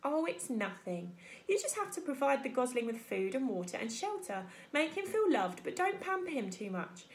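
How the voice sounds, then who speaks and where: A woman's voice: high voice, very animated. A woman doing a bossy old goose. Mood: brisk, motherly. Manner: brisk, scolding. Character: bossy old female goose, blunt and motherly.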